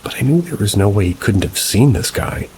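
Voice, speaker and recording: Low male narrator for true ghost stories, calm and measured, with rain noise behind him. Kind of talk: scripted narration of reader-submitted stories. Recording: rain sounds mixed behind the voice. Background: steady rain ambience.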